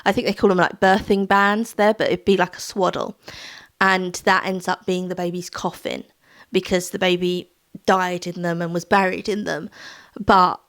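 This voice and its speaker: A book vlogger gives a casual monthly reading wrap-up, heartfelt and rambling, full of fillers and tearful at times. Her voice sits fairly low and sounds fairly bright, with a level tone and normal speed.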